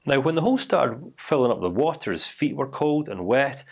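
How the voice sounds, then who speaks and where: Animated male life coach telling a story. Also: mid-range voice, normal speed, gravelly, breathy edge. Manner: animated, dramatic storytelling with many restarts. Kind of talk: storytelling to camera.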